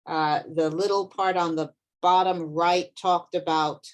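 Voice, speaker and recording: A woman's voice: lowish voice, fairly even intonation, measured pace. A webinar attendee on a video call who asks her question politely and a little hesitantly.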